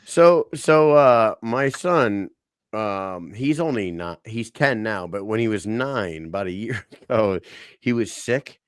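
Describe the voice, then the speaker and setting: A man's voice: lowish voice, animated, slow, clean tone, no echo, clean studio sound. A man co-hosting a podcast, telling jokey, profane family anecdotes in casual chat. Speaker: podcast co-host.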